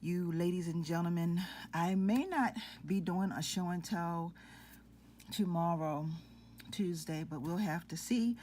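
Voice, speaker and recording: A woman with a low voice walks viewers through a jewelry craft one step at a time, speaking slowly and calmly. She keeps calling her audience ladies and gentlemen. Faint noise sits under the recording. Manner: calm, instructive, addresses viewers as ladies and gentlemen. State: out of breath. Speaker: jewelry-making tutorial host.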